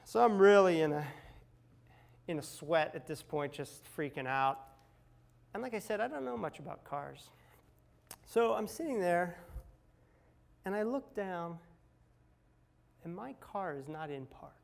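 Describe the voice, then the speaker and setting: A middle-aged man with a somewhat high voice recounts a personal ordeal in a candid, confessional way. He builds tension, then drops to near-whispers at the tense moments. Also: lively intonation, measured pace, vocal fry, long pauses. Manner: candid, dramatic retelling with acted quotes and swings from loud to hushed. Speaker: speaker sharing a personal recovery story. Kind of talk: personal storytelling talk.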